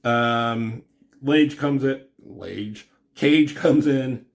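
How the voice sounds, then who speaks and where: Male comic reviewer, mid-pitch, loose filler-heavy recap. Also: drawn-out words, gravelly. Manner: rambling, filler-heavy, paraphrasing dialogue.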